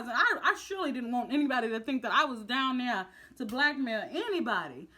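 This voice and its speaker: A young woman, retelling campus drama for her vlog in a bright, high voice. She gets dramatic and animated, jumping up in pitch whenever she acts out what people said. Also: brisk, few pauses. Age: young adult. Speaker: vlogger. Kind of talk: storytime vlog, casual retelling.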